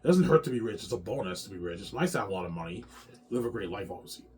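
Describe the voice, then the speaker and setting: A man's voice: lowish voice, animated, rapid-fire, a little mellow, husky. A man rambling in an agitated monologue to the camera, swearing often and repeating his words. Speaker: vlogger.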